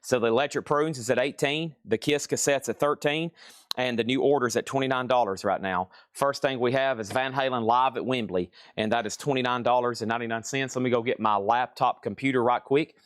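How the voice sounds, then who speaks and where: A man running a live-stream record sale, calling prices and bids in brisk, chatty sales patter from an indoor shop. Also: medium pitch, smooth, no echo.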